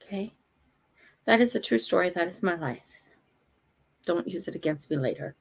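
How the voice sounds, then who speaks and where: Chatty older woman livestream host, gravelly. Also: lowish voice, lively intonation, normal speed. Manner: chatty, emotional, talks to viewers. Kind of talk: casual morning livestream chat.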